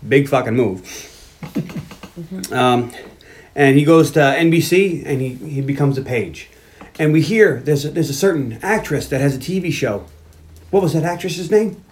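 A podcast host casually retelling a movie plot, loose and profane, with frequent laughs. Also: male voice, a little high, lively intonation, normal speed, pauses often. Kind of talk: casual movie recap chat.

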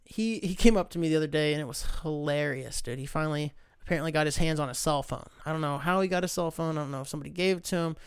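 A man hosting a podcast, telling comic stories in a profane, rambling, animated way. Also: fairly high pitch, rapid-fire, few pauses, clean tone, dry recording, clean studio sound. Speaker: podcast host. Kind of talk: casual comedic storytelling monologue.

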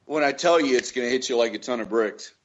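A man from Florida in a casual podcast chat, telling stories and loudly acting out quotes. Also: mid-range voice, quick pace, muffled recording. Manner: swearing storyteller, acts out quotes loudly. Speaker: podcast co-host.

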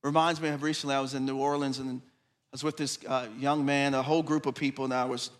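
A man preaching a sermon, telling a lively story and voicing the people in it, then dropping to soft, hushed tones for his appeal. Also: medium pitch, quick pace. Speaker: pastor.

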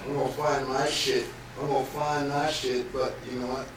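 A man's voice: mid-range voice, little pitch movement, normal speed, far from the mic. Casual male host, rambling and profane; roomy, noisy phone recording. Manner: laid-back, profane, rambling. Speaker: podcast host. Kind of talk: casual chat. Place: room, streamed live on a phone. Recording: echoey room, off-mic, background noise.

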